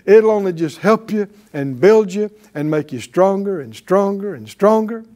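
A pastor delivers a sermon in a high-pitched, dark-toned voice with lively intonation. He preaches slowly and deliberately, using call-and-response to have listeners repeat lines and firing off a list of emphatic questions.

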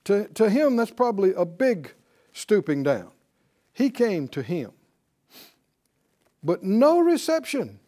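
A man teaching a Bible class, telling the story in an animated way and chuckling often. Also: sits high, slow, long pauses.

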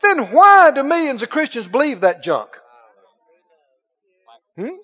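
A man preaching a sermon, animated, acting out Bible scenes and building up to shouts in a church. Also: very high-pitched, unhurried, pauses often, long reverb tail, dull audio. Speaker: pastor.

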